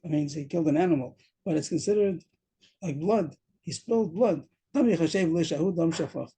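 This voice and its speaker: A man with a fairly high, warm, husky voice gives a brisk daf yomi Talmud lesson by video call. He works through it step by step, repeating himself and using Aramaic terms, over poor audio.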